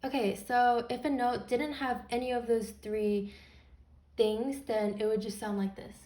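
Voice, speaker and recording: A woman's voice: on the high side, level tone, measured pace, dark tone. A woman patiently explaining beginner music theory step by step, as a teacher.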